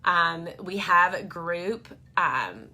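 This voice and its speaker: A woman's voice: fairly low pitch, lively intonation, drawn-out words, gravelly, bright, forceful tone. A woman, chatting to camera about her family in a rambling, filler-heavy way. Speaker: vlogger and mom. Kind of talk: casual storytelling to camera.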